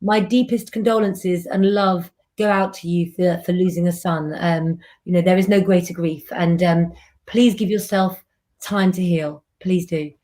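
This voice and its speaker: A woman hosting a live tarot reading, talking gently and affectionately in a rambling way. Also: fairly low pitch, steady tone, unhurried. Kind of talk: live streamed tarot reading, casual chat.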